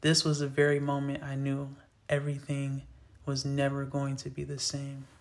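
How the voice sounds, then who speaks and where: A man of medium pitch reads his own novel aloud at normal speed. His delivery is completely flat, an earnest, plain storytelling voice.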